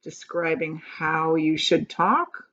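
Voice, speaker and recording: A woman's voice: sits low, slow, bright, forceful tone, highs cut off. A woman teacher giving a recorded grammar lesson, speaking patiently and encouragingly to young students.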